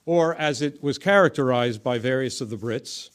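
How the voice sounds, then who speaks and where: A man giving measured, emphatic political commentary, often restarting his phrases. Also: medium pitch, clear, resonant tone.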